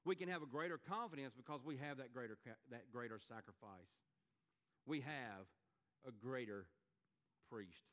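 Speaking at a moderate pace, a male pastor earnestly addresses his church congregation in a sermon. He builds to forceful high points, then drops down soft and low.

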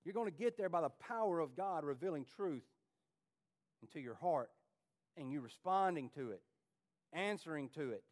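A man preaching a sermon as pastor of a church, pleading and impassioned, his voice swinging from hushed to rising. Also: a little high, expressive, normal speed, long pauses.

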